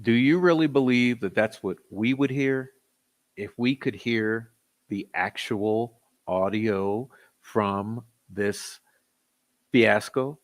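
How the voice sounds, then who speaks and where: A man's voice: fairly low pitch, slow pace. A man hosting a true-crime commentary channel, talking in a skeptical, exasperated way. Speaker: channel host.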